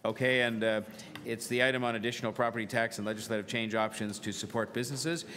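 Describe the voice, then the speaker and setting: A man chairing a council committee meeting, moving through agenda items with halting speech and frequent fillers. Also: medium pitch, fairly even intonation, sharp tone. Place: large council chamber. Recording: long-reverb council chamber with faint noise.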